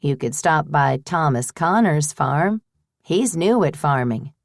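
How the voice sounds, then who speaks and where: A woman voicing a shrewd older woman who runs a boarding house, brisk, firm and teasing. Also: low-pitched, animated, dry recording, clean studio sound, full character voice. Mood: fond.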